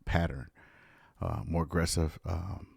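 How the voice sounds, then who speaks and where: A man's voice: low-pitched, fairly even intonation, unhurried, gravelly, darkish tone, husky, no echo. A man music producer, casually talking viewers through a live studio session. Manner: casual, talks through his work with viewers.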